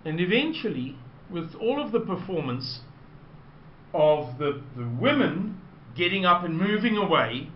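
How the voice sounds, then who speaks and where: Speaking at an intentionally slow, meandering pace, a South African man shares something from his own life in a slightly high voice marked by big pitch swings. A light hiss runs under the roomy, somewhat dull recording.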